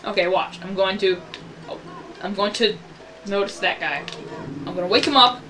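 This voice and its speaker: A man's voice: high-pitched, moderate pace, music in the background. A man giving casual let's-play commentary, rambling and ranting about the game as he plays. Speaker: gameplay commentator.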